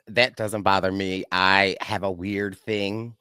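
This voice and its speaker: A man hosting a podcast in casual chat, telling stories in an animated, chatty way. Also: deep voice, slow, smooth, no echo, studio quality. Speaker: podcast host.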